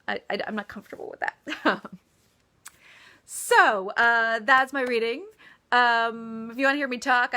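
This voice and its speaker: An American author, a woman with a fairly high, sharp voice, chats casually during a live-stream Q&A. She's giggly and chatty, often laughing and poking fun at herself.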